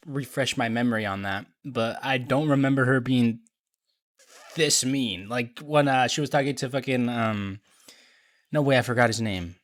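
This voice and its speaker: A man's voice: medium pitch, no echo, studio quality. Rambling young man with a sleepy voice. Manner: rambling, loose with fillers and swearing. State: just woke up. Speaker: video reviewer. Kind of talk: casual review vlog.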